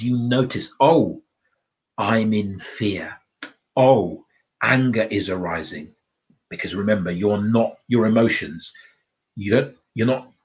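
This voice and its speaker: Blunt, swearing man, low voice. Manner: blunt, swears freely, laughs at own points. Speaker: speaker on self-development. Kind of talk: casual spoken talk. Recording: dull lo-fi recording.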